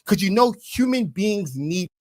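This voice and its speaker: A man's voice: sits high, animated, a little slow, darkish tone, dry recording, studio quality. A man in a played podcast clip, making his point with examples. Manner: emphatic, explains with examples.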